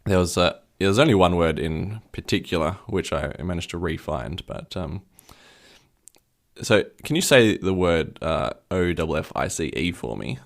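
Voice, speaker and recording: A man co-hosting a podcast in easy casual chat. His voice sits very low with a gravelly fry. He is curious and analytical, probing with questions. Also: expressive, moderate pace. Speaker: podcast co-host.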